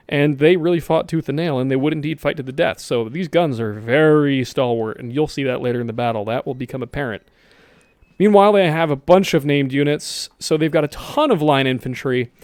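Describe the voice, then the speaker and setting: A man's voice: medium pitch, a little mellow, clear, resonant tone, dry recording. A man giving casual, rambling commentary over a strategy game, correcting himself often and dropping jokey asides. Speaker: gaming video host.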